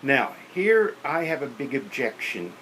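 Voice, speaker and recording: A man's voice: mid-range voice, sing-song, measured pace, sharp tone, slight background noise, poor audio. A man lecturing on teaching beginner band, practical and opinionated, counting and singing rhythms aloud. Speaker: music teacher.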